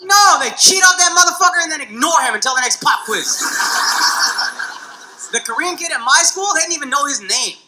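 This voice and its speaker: A man's voice: extremely high pitch, lively intonation, brisk. Brash profane male stand-up comic. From United States. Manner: brash, profane, mocking punchlines. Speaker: stand-up comedian. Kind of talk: stand-up comedy set. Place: comedy club stage with laughing audience. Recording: loud noisy stand-up special audio.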